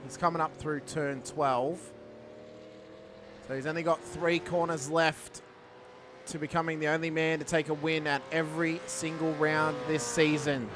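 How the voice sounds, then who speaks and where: A man calling a sim race as play-by-play commentator, rising to excited calls at the finish. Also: fairly high pitch, measured pace, background noise.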